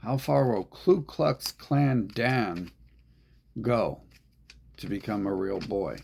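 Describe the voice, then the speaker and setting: A man with a low, gravelly voice drifts through a slow, rambling monologue. He is profane and repetitive, circling back over his own words. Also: darkish tone, slight background noise. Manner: meandering, profane, repeats himself. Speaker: vlogger.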